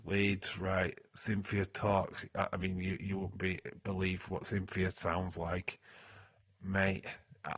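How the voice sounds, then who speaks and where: A man from Yorkshire, England, with a low, slightly rough voice, hosts a wrestling livestream. He jokes and chats casually with viewers in his Yorkshire accent, swearing plenty. The audio is dull, with no room sound.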